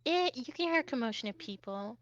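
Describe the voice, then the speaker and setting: A woman's voice: on the high side, lively intonation, fast, dry recording, muffled recording. A woman narrating as game master of a tabletop game, chatty and rambling with many fillers.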